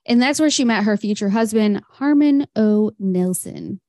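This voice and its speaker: A woman's voice: medium pitch, a little slow, dark tone, no room sound, studio quality. A woman co-hosting a podcast, recounting a life story in a casual, chatty way with fillers. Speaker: podcast co-host. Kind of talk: casual history chat.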